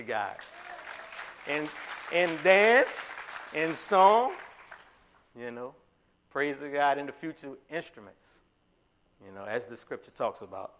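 A man preaching a sermon in a casual, conversational way, full of fillers and restarts, breaking into loud emphatic lines. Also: mid-range voice, a little hiss or hum.

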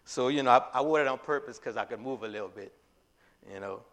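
Casual preacher with frequent loud bursts. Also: male voice, medium pitch, fast talker. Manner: casual, conversational preaching with many fillers and restarts; bursts into loud emphatic lines. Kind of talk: sermon.

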